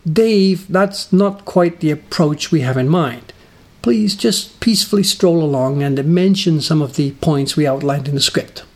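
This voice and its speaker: A man playing a brisk male TV director. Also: on the high side. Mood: corrective. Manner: curt, instructing.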